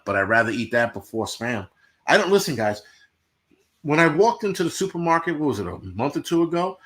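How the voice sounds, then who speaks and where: A man's voice: mid-range voice, fairly bright tone. A man hosting a livestream, ranting bluntly and profanely to his chat in casual talk. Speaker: livestream host.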